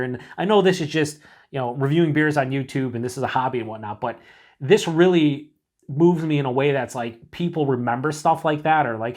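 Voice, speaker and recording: A man reviewing beer mail on his channel, talking casually and enthusiastically, rambling and thinking out loud as he unpacks bottles and cans. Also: mid-range voice, brisk. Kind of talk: casual unboxing chat.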